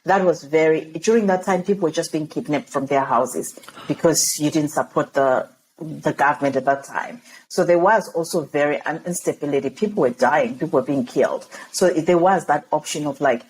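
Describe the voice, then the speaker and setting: A Zimbabwean woman appears as a podcast guest, recounting her own story in conversation, lively and laughing a lot as she acts out dialogue. Her voice is low and her pace moderate, with slight background noise on a poor-quality recording.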